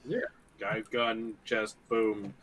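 A man's voice: on the low side, flat delivery, drawn-out words, fairly bright tone, slight background noise. A man playing a tabletop role-playing game, laid-back and laughing between lines. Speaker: player.

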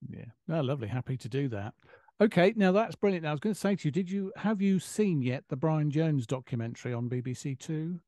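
Mellow-voiced older male radio host. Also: a little high, lively intonation, fairly quick, no room sound. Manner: chatty, emphatic, old-fashioned exclamations. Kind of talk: casual radio interview.

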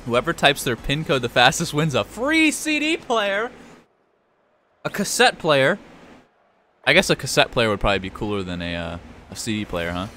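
Animated young man streaming games. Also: mid-range voice, moderate pace, soft background music. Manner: animated, joking, swears casually, chats with viewers. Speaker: gaming streamer. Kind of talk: casual live-stream commentary.

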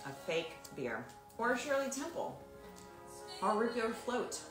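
A woman's voice: on the high side, big pitch swings, unhurried. A woman signing autographs on a livestream, chatting casually with teasing asides. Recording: roomy echo with faint music.

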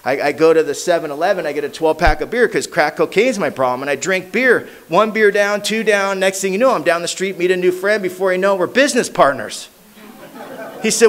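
A man with a Southern Californian accent telling his recovery story at a meeting in street slang, acting out the voices of people in it. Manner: street slang, lots of "man" and "you know what I mean"; acts out voices with big jumps in pitch and loudness. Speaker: AA meeting speaker.

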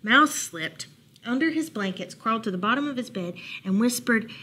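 A woman librarian reading a bedtime picture book aloud, gentle and unhurried, with playful asides. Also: a little high, lively intonation. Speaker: children's librarian storyteller.

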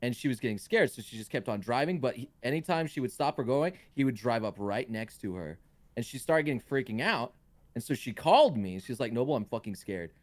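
Man with a lively, swooping voice. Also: mid-range voice, fairly quick, no echo. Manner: rambling, hesitant storytelling. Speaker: guest in a group chat. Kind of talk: casual group chat.

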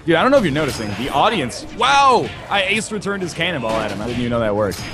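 Man, gaming commentary, rambling, jokey, lots of fillers, animated delivery, game music behind. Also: a little high, quick pace. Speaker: let's play co-host.

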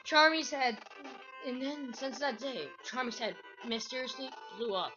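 A woman's voice: sits high, animated, normal speed, dull audio. A woman giving let's-play commentary, rambling through asides and breaking into yelps and squeals. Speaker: gameplay commentator. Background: faint game music.

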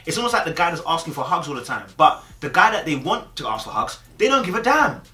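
A man's voice: a little high, very animated, fast talker, pushed and bright, reverberant. A young man talking casually to camera, chatty and streetwise, often checking in with "you understand?". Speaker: host.

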